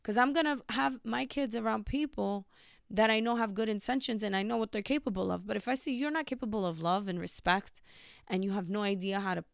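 A woman's voice: medium pitch, a little fast, creaky, no echo, studio quality. A young woman hosting a talk show, speaking bluntly and emphatically in a casual monologue. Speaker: podcast host.

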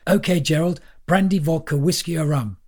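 A man with a husky voice playing a manic, pushy man who hectors and shouts. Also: on the high side, brisk, voice pushed up, lightly acted. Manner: insistent, hectoring, shouts at times.

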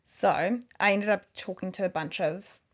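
A woman's voice: mid-range voice, fairly even intonation, normal speed. A woman, rambling and correcting herself in casual chat about her video work. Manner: chatty, rambling, self-correcting. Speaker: video maker.

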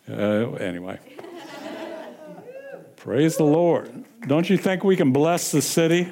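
A middle-aged man preaching a sermon, telling a personal story with sudden swings from loud to hushed. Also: a little high, animated, slow pace, long pauses. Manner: breaks into sung lines and laughter.

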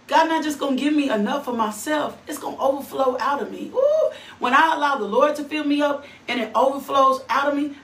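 A woman hosting a devotional, preaching fervently with bursts of shouted praise and laughter. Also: on the high side, a little hiss or hum. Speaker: devotional host. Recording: echoey room, mic at a distance.

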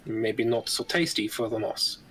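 A man's voice: fairly low pitch, a little slow, fairly bright tone, slightly rough, rough recording. A man playing a tabletop game in casual chat, joking and thinking aloud. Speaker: player.

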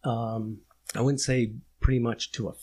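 A man's voice: medium pitch, level tone, darkish tone, husky. A man hosting a casual podcast chat, talking with emotion and restarting his sentences often. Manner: emotional, halting, many restarts. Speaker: podcast host.

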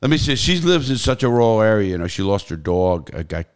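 An older man tells a long, wandering story on a podcast. His voice sits a bit low, and he curses freely. He restarts his sentences often as he goes. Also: big pitch swings, fast, clean tone. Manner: rambling storyteller, swears freely, many restarts. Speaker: podcast host. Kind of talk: casual podcast chat.

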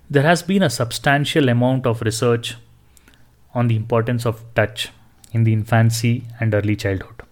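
A man's voice: medium pitch, a little mellow. A man hosting a solo podcast, giving earnest advice with some restarts and fillers. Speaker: podcast host.

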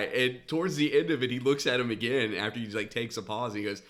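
A man in casual podcast talk, animatedly telling a comedy club story and leaping into high shouts for quoted lines. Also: fairly quick, hardly any pauses. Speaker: stand-up comedian and podcast host.

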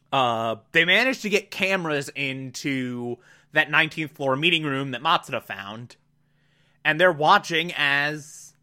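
Podcast host rambling through a recap, chatty and giggly, lots of likes and uhs, bright tone. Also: mid-range voice. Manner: chatty, giggly, many filler words. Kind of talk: casual episode recap.

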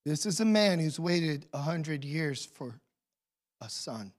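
A man preaching a sermon as pastor, telling the story with swings between hushed and loud emotional delivery. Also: a little high, animated, slow pace.

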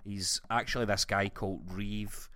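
A Scottish man co-hosting a podcast, telling stories in a sweary, animated way. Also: on the low side, normal speed, no room sound. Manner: sweary, animated storytelling with laughs. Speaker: podcast co-host. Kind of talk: casual chat.

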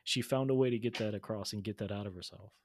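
A man hosting a podcast, talking in a reflective, earnest way with halting restarts. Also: fairly low pitch, no room sound, studio quality. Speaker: podcast host. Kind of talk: casual interview chat.

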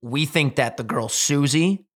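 A young man hosting a casual podcast, animated and swearing freely, acting out quotes as he tells stories. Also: fairly high pitch, unhurried. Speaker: podcast host.

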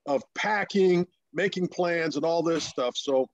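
A man in his fifties tells a long story in an interview, stopping and restarting often. He breaks into bright, excited quoted voices. The recording is dry and a little dull. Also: a little high, unhurried, no echo. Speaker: interview guest, former pro pitcher.

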